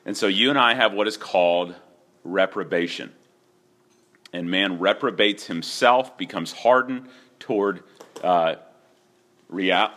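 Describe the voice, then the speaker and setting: A male pastor preaching a sermon in a conversational way, asking the congregation questions and acting out voices with sudden shouts. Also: lowish voice.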